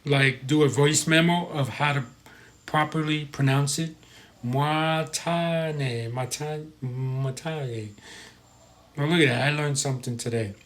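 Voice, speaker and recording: With a fairly high, slightly bright voice at normal speed, an American man chats casually on a live stream he's hosting. He reads viewer comments aloud and trips over pronunciations.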